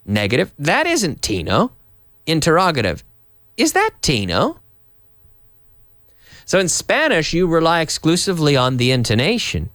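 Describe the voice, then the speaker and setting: A man's voice: a little high, wildly swooping pitch, normal speed, fairly bright tone, no echo, clean studio sound. A middle-aged man from Canada teaching English to Spanish speakers, acting out example sentences with big, exaggerated question intonation.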